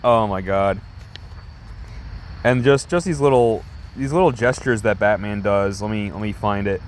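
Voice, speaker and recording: A man's voice: lowish voice, normal speed. A man casually reviewing a comic book, rambling and enthusiastic with many restarts.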